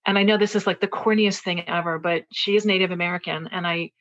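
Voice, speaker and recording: Speaking fast in a low-leaning, steady voice with a slightly bright edge, this woman in her forties shares a personal story as a podcast guest. She comes across as earnest and reflective and often restarts sentences mid-thought. The audio is dull.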